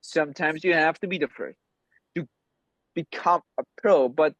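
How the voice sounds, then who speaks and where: A man's voice: a little high, moderate pace, dry recording. Blunt man, dull dry call audio. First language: German. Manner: blunt, swears freely, rambling and animated. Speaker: guest, men's coach. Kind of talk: casual interview on a call. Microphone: video call.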